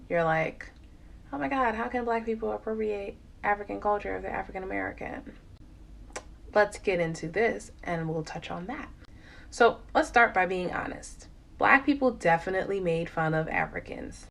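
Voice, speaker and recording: A woman's voice: fairly low pitch, creaky, distant mic. A woman giving frank, matter-of-fact social media commentary.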